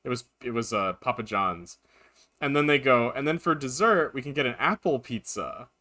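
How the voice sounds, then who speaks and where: A man streaming a video game live, chatting casually and rambling through animated anecdotes. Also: mid-range voice, moderate pace.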